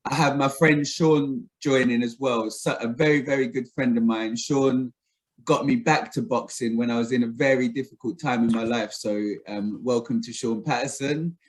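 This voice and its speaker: A man hosts a casual conversation over a video call. He is friendly and a bit rambling, leaning on fillers. His pitch sits in an ordinary middle range. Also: steady tone, normal speed, rough recording. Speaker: host.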